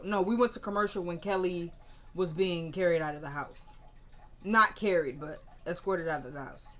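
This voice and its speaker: A woman's voice: medium pitch, a bit bright. A woman recapping a TV episode in casual chat, chatty and opinionated, quoting the characters' lines and turning to her viewers with asides. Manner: chatty, acts out characters' lines in quick bursts.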